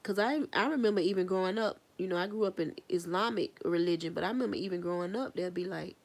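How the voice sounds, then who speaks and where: Painting earrings live, this woman rambles through her thoughts in casual chat, laughs at her own ideas, and asks her viewers questions directly. She talks fast with few pauses, in a fairly low, creaky voice.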